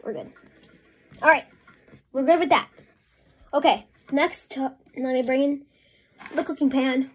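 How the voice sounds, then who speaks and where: A woman's voice: sits high, a little slow, long pauses. A woman chatting casually through a messy home crafting vlog, flustered and apologetic as things go wrong. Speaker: vlogger. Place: home, indoors at a work table.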